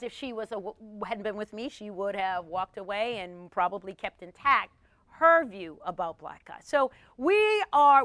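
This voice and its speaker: A middle-aged woman talks to an audience in a high, bright voice. She is animated and punchy, and she tells stories while playing with the crowd. The sound is dry and close. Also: no room sound. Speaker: speaker addressing an audience. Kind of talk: conversational talk with storytelling.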